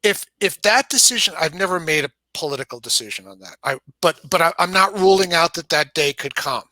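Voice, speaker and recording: A man's voice: a little high, expressive, a little fast, sharp tone, no echo. A man with a New York accent, talking through his views in a casual discussion, often restarting and repeating words as he thinks. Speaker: game publisher guest.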